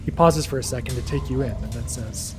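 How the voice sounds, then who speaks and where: A man's voice: medium pitch, a little fast, over loud music. A man narrating a tabletop game as dungeon master, with vivid description.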